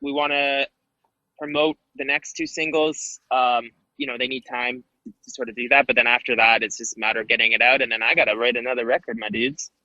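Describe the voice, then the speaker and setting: A man's voice: medium pitch, fairly even intonation, fairly quick, pushed and bright, no room sound, dull audio. A male musician guest chatting on a podcast in a laid-back, jokey, rambling way. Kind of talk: casual podcast chat.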